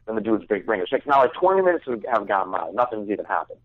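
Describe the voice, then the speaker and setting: A man's voice: on the low side, big pitch swings, fast. A young man telling a crude, rambling story in casual chat, full of fillers. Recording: dry tinny phone-like sound.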